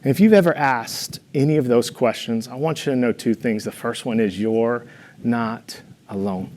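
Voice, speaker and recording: A man's voice: medium pitch, normal speed. A young man giving a devotional talk, telling playful stories with humor and an encouraging, earnest manner. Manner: storytelling with playful humor, animated in anecdotes.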